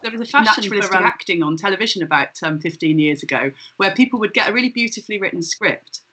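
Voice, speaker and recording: Bright, chatty woman. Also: medium pitch, lively intonation, breathy edge, poor audio. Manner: quick, chatty, laughing asides. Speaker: guest comedian. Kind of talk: casual video-call chat.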